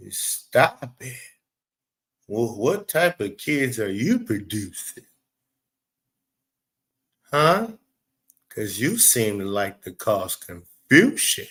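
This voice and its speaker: A man's voice: lowish voice, a bit bright. A man hosting a live stream, rambling, profane and blunt as he talks back to his chat. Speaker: livestream host.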